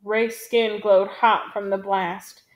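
A woman reading a novel aloud in a steady, measured storytelling manner. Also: mid-range voice. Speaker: audiobook reader.

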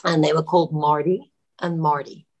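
A middle-aged actress chatting as a podcast guest, telling anecdotes and laughing often. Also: female voice, low-pitched, level tone, moderate pace. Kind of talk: casual podcast interview.

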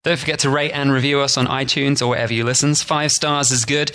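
A man's voice: medium pitch, level tone, fast, few pauses, pushed and bright. A man co-hosting a podcast in casual chat, jokey and rambling, sometimes putting on silly voices. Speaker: podcast co-host.

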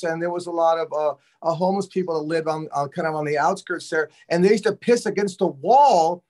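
Animated, profane male drummer telling stories. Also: sits high. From Los Angeles. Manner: animated, profane, acts out quotes. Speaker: drummer guest. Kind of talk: casual storytelling interview.

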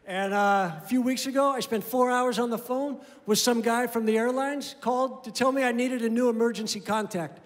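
A man performing a stand-up comedy set, telling deadpan stories and acting out both sides of phone calls. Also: extremely high pitch, normal speed, few pauses. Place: comedy club stage. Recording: live club recording with long reverb and room noise. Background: audience laughter and room ambience.

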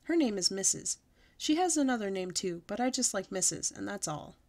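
A woman at storytime, reading a children's book aloud in a lively, childlike first-person way. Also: medium pitch, fairly quick. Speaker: storytime reader.

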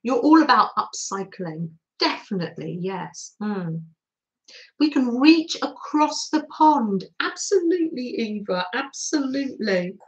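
A woman's voice: on the high side, very animated, measured pace, muffled recording. An older woman hosting a casual craft livestream, gushing over her materials and answering viewers' comments as she works.

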